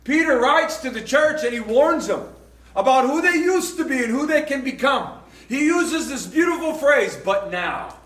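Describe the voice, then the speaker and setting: A man preaching a sermon, with a strikingly high and bright voice that carries through an echoing church hall. He tells his story with energy, slipping into other people's voices and shouting the punchlines with a laugh. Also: animated, normal speed, recorded from a distance. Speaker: pastor.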